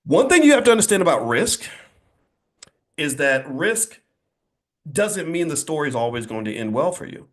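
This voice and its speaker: With a fairly high-pitched voice, a middle-aged man speaks to an audience at a moderate pace, pausing often. His motivational speech is emphatic and preachy, and he tells his stories with lively energy.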